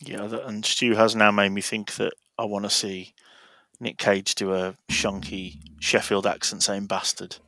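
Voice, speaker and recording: A man hosts a podcast and puts questions to his co-hosts in a jokey, self-deprecating way. His voice is fairly low. The recording is close and dry. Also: little pitch movement, measured pace, pushed and bright, dry recording. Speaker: podcast host asking questions. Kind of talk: casual chat.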